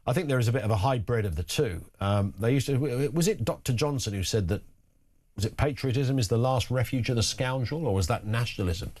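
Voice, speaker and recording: A man's voice: medium pitch, fairly quick, a little mellow. A man hosting a talk radio phone-in, chatty and wry, full of asides to callers and listeners.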